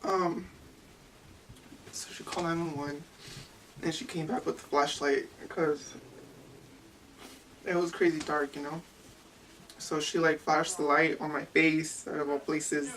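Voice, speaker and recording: A young adult woman giving personal testimony as an interviewee, halting and full of "like" fillers. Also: sits low, little pitch movement, a bit bright, a little hiss or hum. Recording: distant mic with faint ambience.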